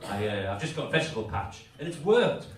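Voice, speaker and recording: A man's voice: medium pitch, fast. A man with an English accent doing a crude, self-deprecating stand-up routine on a comedy club stage. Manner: crude, self-deprecating, deadpan asides with rising rants. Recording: echoey club from far off, crowd laughter.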